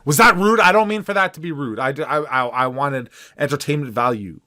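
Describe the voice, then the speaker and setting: A chatty Canadian man talks casually through a reaction video, repeatedly calling his viewers guys. His voice sits a little higher than most men's. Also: fairly quick, sharp tone.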